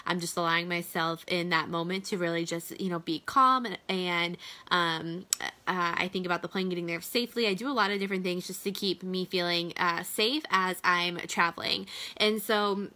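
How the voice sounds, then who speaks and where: A woman's voice: lowish voice, fairly even intonation, moderate pace, pushed and bright. A woman in a casual live video chat as a business coach, talking loosely with many fillers.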